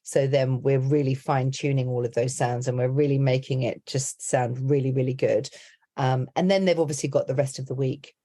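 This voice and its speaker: A woman's voice: very deep voice, fairly even intonation, fairly quick, mellow. A middle-aged woman, an accent and dialect coach, explaining her methods in a rambling, chatty podcast interview. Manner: chatty, rambling, heavy on "you know, like".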